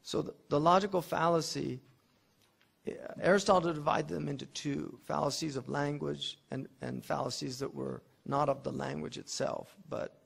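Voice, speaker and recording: A man's voice: on the high side, fairly even intonation, normal speed, creaky, breathy edge. A man teaching logic as an Islamic scholar, explaining a classical text in a conversational classroom lecture and mixing Arabic terms into his explanations.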